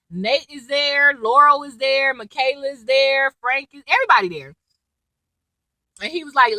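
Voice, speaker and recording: Bright, high-voiced woman recapping a show. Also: normal speed, no echo, rough recording. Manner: chatty, animated retelling with quoted lines and laughs. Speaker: TV recap vlogger. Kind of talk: casual episode recap.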